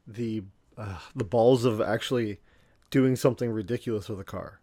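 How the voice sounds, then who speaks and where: A man's voice: fairly low pitch, fairly even intonation, moderate pace, warm tone. A man guesting on a podcast, chatting casually about cars and laughing along easily. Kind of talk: casual car chat.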